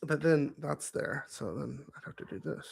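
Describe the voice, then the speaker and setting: A man hosting his own vlog, chatting casually on camera into a studio microphone on a stand, jokey and self-amused, with sudden loud exclamations. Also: fairly high pitch, moderate pace, vocal fry, slightly rough. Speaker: show host.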